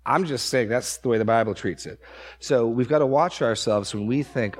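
A pastor delivers a verse-by-verse sermon with a husky, slightly breathy voice. He leans hard on key words, repeats phrases to drive them home, and turns to the congregation with questions. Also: mid-range voice, normal speed. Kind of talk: expository sermon.

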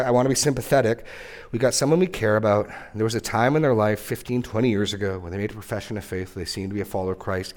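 A man preaching a sermon as pastor, earnest, with repeated words and sudden rises in pitch for emphasis.

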